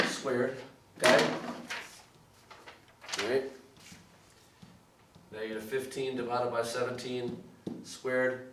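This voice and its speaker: A man's voice: mid-range voice, far from the mic. A man teaching a math lesson, working through problems step by step with frequent "okay" and "all right" checks. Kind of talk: recorded math lesson walkthrough. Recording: echoey room, voice somewhat off-mic, clear background noise.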